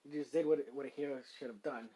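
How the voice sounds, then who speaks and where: A narrator voicing a weak, gentle aging woman who speaks softly, in a fan story read-aloud. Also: medium pitch, steady tone, quick pace, lightly acted, rough recording. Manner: soft and gentle.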